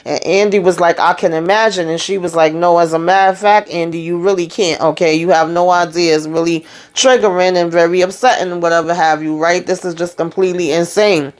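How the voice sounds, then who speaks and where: A woman's voice: fairly low pitch, fairly even intonation, fairly quick, few pauses. A woman hosting a casual TV recap, chatting loosely through the scenes and acting out the characters' lines as she retells them. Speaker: TV show recap host.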